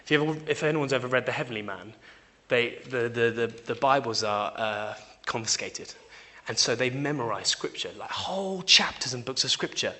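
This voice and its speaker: A young man preaching in a casual, chatty way, his voice bright and forward. He checks in with the room often with a quick "yeah?" and moves between loud emphatic bursts and quiet asides. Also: medium pitch, animated. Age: young adult. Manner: conversational, checks in with listeners by asking "yeah?". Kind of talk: informal sermon.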